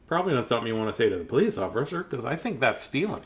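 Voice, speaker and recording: Lively man reading a picture book aloud. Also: medium pitch, rapid-fire, hardly any pauses. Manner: chuckling, chatty asides. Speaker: storybook reader.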